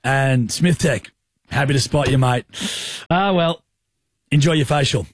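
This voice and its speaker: Husky, teasing Australian radio host. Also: male voice, medium pitch, measured pace, no room sound, studio quality. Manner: teasing, joking. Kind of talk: casual on-air banter.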